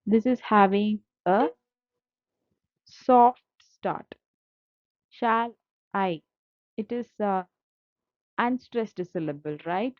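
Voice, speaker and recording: Slow, patient woman teaching a lesson. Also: medium pitch, expressive, no echo. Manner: slow, patient, repeats key terms. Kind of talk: slide-based literature lecture. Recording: dull lo-fi dry recording.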